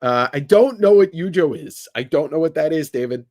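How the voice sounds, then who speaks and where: A man's voice: fairly high pitch, expressive, normal speed, darkish tone, dry recording, studio quality. A man hosting a live comic sale stream from an office, joking and greeting viewers by name. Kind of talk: casual livestream chat. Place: indoor office.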